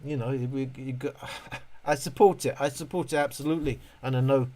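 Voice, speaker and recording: A man's voice: medium pitch, fairly even intonation, brisk, a little mellow. Rambling man on a live stream. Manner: rambling, self-interrupting, with many restarts. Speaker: live stream host reading viewer comments. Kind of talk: casual live stream chat.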